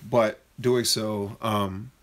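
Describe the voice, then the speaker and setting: A man's voice: little pitch movement, fairly bright tone. Blunt joking man answering live chat. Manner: blunt, joking, reads viewer comments aloud; mocks shrill voices in quick bursts. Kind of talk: casual live-stream Q&A.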